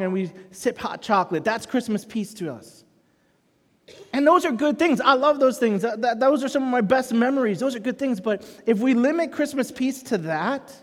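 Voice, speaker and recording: High-voiced pastor in an echoing hall. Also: male voice. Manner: animated storytelling, acts out dialogue. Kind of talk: sermon. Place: church auditorium. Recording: long hall reverb.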